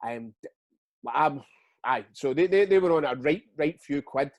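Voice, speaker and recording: A Scottish man in his forties, a guest telling stories in a casual interview, halting and repeating words as he goes. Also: a little high, dry recording, dull audio. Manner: lively storyteller. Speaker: guest, retired footballer.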